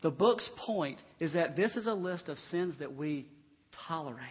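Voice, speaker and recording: A man preaching in a church, with a fairly high voice that sounds slightly husky. He swings between loud, emphatic declarations and quiet, confiding asides. The recording is dull and lo-fi, with a long reverb tail from the sanctuary. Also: lively intonation, moderate pace. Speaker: pastor. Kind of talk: sermon.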